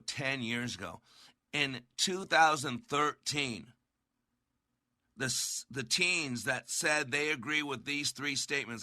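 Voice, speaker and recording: A man's voice: mid-range voice, a little slow, sharp tone, dry recording. A man hosting a faith-minded podcast, talking in earnest, preacher-like bursts and hammering phrases through repetition. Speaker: podcast host. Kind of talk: preachy commentary.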